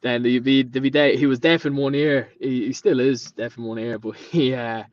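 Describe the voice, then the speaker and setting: A man's voice: medium pitch, fairly even intonation, normal speed. A man in his late twenties with a Dublin Irish accent, a podcast guest telling rambling stories and acting out the things people said. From Ireland. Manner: rambling storyteller who acts out quoted dialogue. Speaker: podcast guest, painter and decorator. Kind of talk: casual chat. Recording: dull lo-fi sound.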